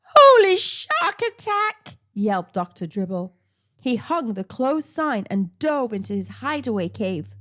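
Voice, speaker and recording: A woman reading a children's picture book aloud in a playful, expressive way, on a dull lo-fi recording. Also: mid-range voice, a little slow. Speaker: children's storyteller.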